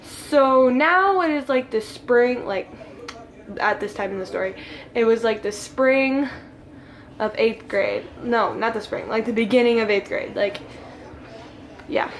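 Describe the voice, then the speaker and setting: Teen girl vlogger, casual rambling storyteller, high-ish voice, giggles often. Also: expressive, a little slow, pauses often, a little hiss or hum.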